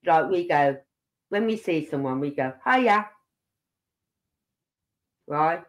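An older live-stream host chats casually and at length. The talk wanders from topic to topic and keeps turning back to the audience. The voice sits at an ordinary middle pitch. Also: animated, moderate pace, a little mellow. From Birmingham, England. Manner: rambling, chatty, talks straight to viewers. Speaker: livestream host.

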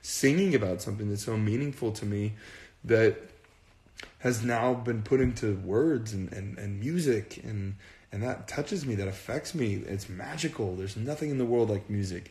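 A man's voice: lowish voice, moderate pace, darkish tone, echoey room. A man chatting casually on a phone livestream, earnest and rambling, often repeating himself. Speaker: band frontman on a livestream.

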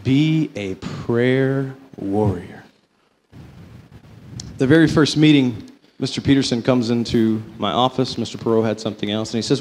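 A man sharing his faith testimony before an audience, telling it as a story that swings between slow, emphatic phrases and quicker runs. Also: mid-range voice, darkish tone, in a large hall, a little hiss or hum. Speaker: company vice president giving a testimony.

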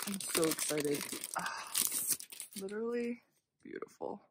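A young woman casually narrating an unboxing, gushing with frequent gasps and soft half-whispered asides. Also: mid-range voice, expressive, takes it slowly, creaky, background noise. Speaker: unboxing vlogger.

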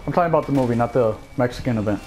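A man's voice: mid-range voice, racing, darkish tone, soft background music, low-quality recording. A man giving casual let's play commentary, cracking sarcastic jokes as he plays. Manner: joking, sarcastic running commentary. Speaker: gameplay commentator.

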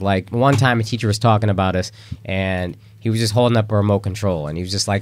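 Fast-talking man telling a story. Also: fairly low pitch. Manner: rapid anecdote-telling, acts out quotes. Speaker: podcast co-host. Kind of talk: casual storytelling.

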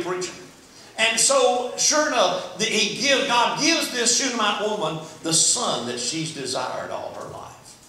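A male pastor preaching a sermon in a folksy manner, repeating himself and building to shouts. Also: high-pitched, a little hiss or hum. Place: large echoey church sanctuary. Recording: echoey church from a distance.

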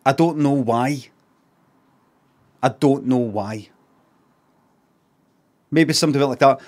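A man with a Scottish accent, streaming casually and reacting out loud in a rambling, repetitive, sweary way. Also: medium pitch, takes it slowly.

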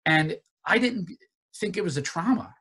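A man from Northeast Philadelphia giving an earnest personal recovery talk, halting with many restarts and fillers. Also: high-pitched, animated, bright, forceful tone, breathy edge. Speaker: guest speaker. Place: virtual forum presentation.

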